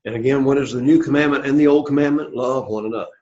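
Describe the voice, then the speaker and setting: In a classroom lecture, a man teaching Greek patiently walks students through translations, frequently checking in with "okay?" and "all right?". His medium-pitched, darkish voice moves quickly, and the recording has its highs cut off.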